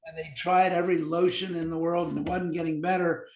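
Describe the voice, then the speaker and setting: A man's voice: fairly high pitch, brisk. A man in his fifties, a physician guest on a podcast, telling medical anecdotes and acting out the dialogue. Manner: animated anecdotes, acts out quoted dialogue. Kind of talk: storytelling in a podcast interview. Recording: echoey room.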